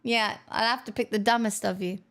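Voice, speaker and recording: A woman's voice: mid-range voice, steady tone, fairly quick, a bit bright. A woman streamer chatting casually with her viewers, playful and self-mocking, laughing often. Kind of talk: casual stream chat with singing.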